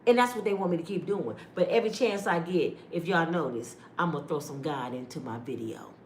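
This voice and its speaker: A woman's voice: deep voice, brisk, reverberant, slight background noise. A woman vlogger talking in an emphatic, sermon-like way, repeating her phrases as she comments to her viewers. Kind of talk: preachy casual commentary.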